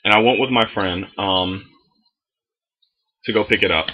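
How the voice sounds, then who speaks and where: Husky, bright-voiced young man. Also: fairly low pitch, a little slow, poor audio. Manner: animated, heavy swearing, lots of fillers. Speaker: vlogger. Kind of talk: casual storytime vlog.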